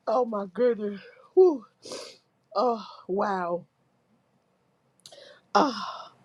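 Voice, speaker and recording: A woman's voice: medium pitch, lively intonation, very slow, long pauses, slightly rough, lo-fi sound. A woman hosting a casual livestream, reading viewers' comments aloud while laughing helplessly through nearly every line. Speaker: livestream host reading chat.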